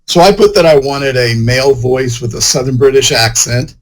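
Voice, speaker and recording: A man's voice: medium pitch, animated, moderate pace, low-quality recording. A man, an author, chatting casually in an interview, rambling and full of "you know" fillers. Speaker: author and guest.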